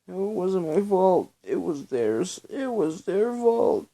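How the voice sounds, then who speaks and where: A man's voice: high voice, sing-song, takes it slowly, warm tone, pitched above the performer's own voice, heavily acted. A man voicing a terrified young woman in a spoken story, stammering and screaming hysterically.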